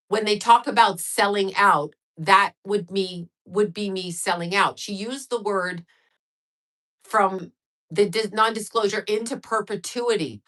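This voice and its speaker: A woman's voice: mid-range voice, bright, forceful tone. A middle-aged woman chatting casually and rambling on her livestream, reacting to viewer comments as she goes. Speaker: livestream host.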